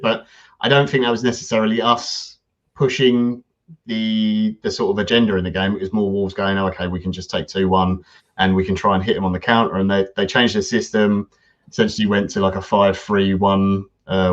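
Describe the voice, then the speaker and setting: A man with a lowish voice co-hosts a casual football podcast. He talks in a relaxed, measured way with frequent ums. The recording sounds dull and lo-fi. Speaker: podcast co-host.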